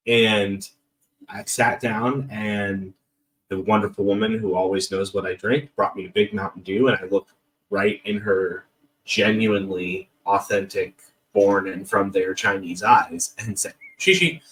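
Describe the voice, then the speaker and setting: A man's voice: on the low side, little pitch movement, measured pace, fairly bright tone, far from the mic, rough recording. A man telling funny stories about himself on a podcast, in a jokey, self-deprecating and rambling way. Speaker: podcast guest. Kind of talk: casual storytelling.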